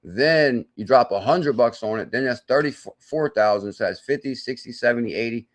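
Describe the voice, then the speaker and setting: A man of middle pitch hosting a live crypto stream. He talks in an excitable, salesy way, breaking into loud exclamations, then mutters through sums and chart checks as he reads the viewer chat. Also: moderate pace, hardly any pauses. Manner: thinks aloud while doing sums and checking charts. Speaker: crypto channel host.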